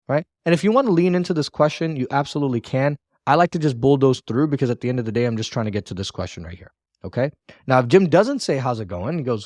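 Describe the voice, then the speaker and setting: A man's voice: mid-range voice, animated, fast talker, darkish tone, dry recording, studio quality. A man teaching a recorded sales training lesson in a casual, repetitive coaching manner, acting out sample phone lines with shifting tone.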